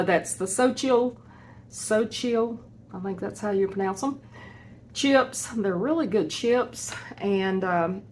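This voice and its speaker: A woman talks through her grocery haul in a relaxed, chatty way, often losing her train of thought and correcting herself. Her voice sits at an ordinary middle pitch, with faint background hiss in the recording. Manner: chatty, rambling, self-correcting about prices. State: hiccups. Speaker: homesteading vlogger. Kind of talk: casual grocery haul chat.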